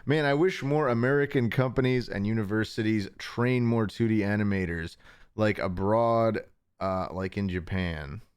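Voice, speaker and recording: Young male streamer, lowish voice, loose rambling chat with frequent chuckles, recorded at home. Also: moderate pace, clean tone, dry recording, clean studio sound. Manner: rambling, chuckling, self-interrupting. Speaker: livestream host. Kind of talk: casual livestream chat.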